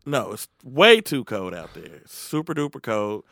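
Animated, joking podcast co-host. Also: male voice, medium pitch, normal speed, dry recording, studio quality. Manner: animated, joking, swears a lot, mimics people. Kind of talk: casual profane chat.

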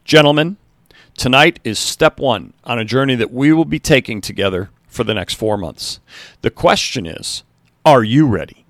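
Man acting out a passionate coach, rousing locker-room speech, middle-pitched male voice, dry recording. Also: expressive, normal speed, a bit bright, dry recording. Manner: earnest, rousing pep talk. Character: passionate male high school basketball coach.

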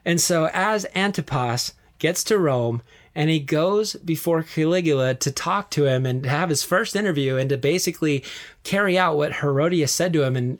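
A man hosting a podcast, casually retelling Bible history, animated and quick to laugh as he tells the story. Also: fairly high pitch. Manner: animated storyteller, laughs often, acts out quotes. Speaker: podcast host.

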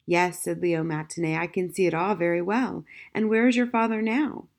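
Read by a woman, a middle-aged policeman speaks in a soft, gentle, unhurried way. He sounds thoughtful and kind in this storybook reading. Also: on the low side, steady tone, lightly acted. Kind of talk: audiobook character voice.

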